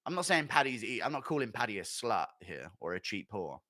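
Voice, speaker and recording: A man's voice: lowish voice, sing-song, fairly quick, sharp tone, no echo. A man ranting in casual commentary, profane and mocking, often laughing at his own jokes. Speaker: MMA commentator and streamer.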